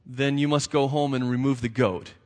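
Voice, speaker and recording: A man voicing a wise, patient old rabbi who gives calm, measured advice. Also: medium pitch, lightly acted. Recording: long reverb of a large hall.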